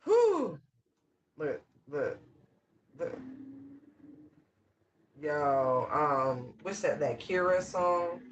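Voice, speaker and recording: A man's voice: fairly high pitch, drawn-out words, pauses often, a bit bright, slight background noise. A man giving a casual, channeled tarot reading in loose, slangy, rambling talk full of fillers. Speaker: tarot reader.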